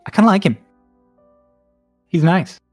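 A man's voice: high-pitched, animated, unhurried, no room sound, soft background music, pitched above the performer's own voice. A man voicing a laid-back, blunt woman sailor with a Cockney accent and clipped, offhand phrasing.

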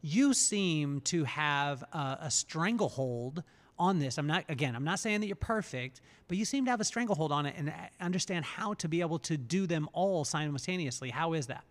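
Man, podcast host, fairly high voice, lively storyteller, long reverb. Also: moderate pace. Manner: animated storyteller, acts out voices in retellings. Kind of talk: conversational interview.

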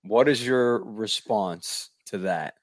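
A man co-hosting a sports podcast, relaxed as he wraps up with thanks to the guests. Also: lowish voice, slow pace, no echo, clean studio sound. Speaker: podcast co-host. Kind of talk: casual sports chat.

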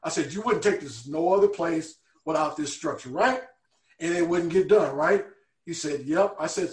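A man telling a personal story as an interview guest, earnest and animated, acting out the people he quotes. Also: a little high, normal speed, reverberant.

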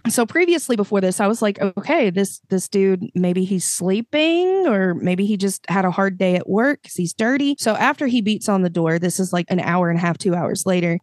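A woman who has worked in hotels, telling a story on a podcast in a casual, animated way, swearing freely and acting out the people she quotes. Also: mid-range voice, dry recording, studio quality. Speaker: podcast guest.

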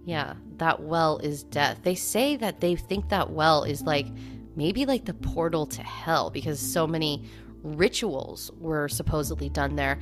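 Low-voiced woman casually telling ghost stories. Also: measured pace, faint music behind. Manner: conversational storytelling, many "like" fillers. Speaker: podcast co-host. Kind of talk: casual chat about hauntings.

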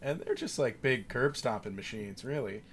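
A man's voice: medium pitch, lively intonation, normal speed, crowd noise. Thoughtful man, mid voice. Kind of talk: casual chat.

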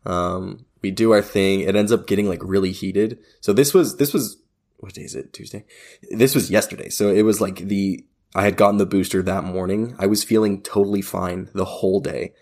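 A man's voice: low voice, fairly even intonation, moderate pace, a little mellow. A young man co-hosting a casual podcast chat, telling stories loosely and swearing freely, with the odd cough. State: post-booster cough. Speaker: podcast co-host.

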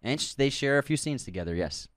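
A male podcast co-host trading jokes in loose, casual banter, breaking into laughter again and again. His pitch swings up and down lively as he talks. The sound is close and dry. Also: fast, dry recording. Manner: laughs often, jokey banter. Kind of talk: casual chat.

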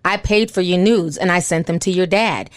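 A woman reading out a smug, cruel man's taunting posts in a slow, cold, mocking tone. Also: on the low side, no echo, clean studio sound, lightly acted.

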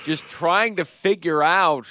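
A man's voice: fairly high pitch, slow, pushed and bright, a little hiss or hum. A man in his thirties co-hosting a podcast, telling stories with frequent laughs in a casual chat. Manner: storytelling, laughing often. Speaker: podcast co-host.

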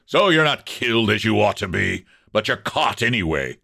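A man reading aloud and voicing a trapped poacher who taunts his enemy with savage, high-pitched shouts. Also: big pitch swings, normal speed, gravelly, no room sound, clean studio sound, full character voice. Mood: mocking.

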